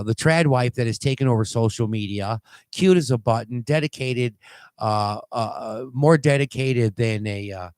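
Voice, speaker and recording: A man hosting a call-in talk show, rambling and halting with many fillers and restarts as he reads posts aloud. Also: medium pitch, darkish tone, smooth, no echo. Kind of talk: casual call-in show commentary.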